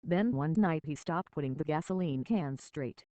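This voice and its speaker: An audiobook reader narrating a children's novel in a measured, steady storybook voice, on a dull, dry lo-fi recording. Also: medium pitch, no echo.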